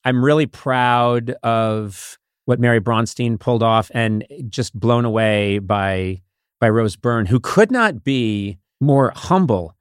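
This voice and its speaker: A man in his sixties hosting a podcast in casual chat, talking haltingly with many fillers and restarts. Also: mid-range voice, clear, resonant tone, no echo, studio quality. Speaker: podcast host.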